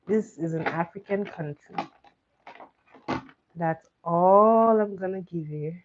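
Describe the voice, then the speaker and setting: Slow-speaking and on the low side, this woman hosts a casual trivia game on her stream. She reads the questions out to chat, repeats them, and coaxes her viewers to join in. The audio sounds dull and lo-fi.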